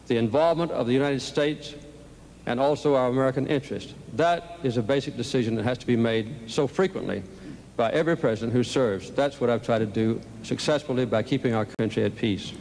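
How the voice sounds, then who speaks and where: A candidate speaks at a formal debate, choosing his words slowly and deliberately. His voice sits at an ordinary middle pitch for a man. The old archival recording carries a long, booming hall reverb. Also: darkish tone. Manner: measured, deliberate, speechlike.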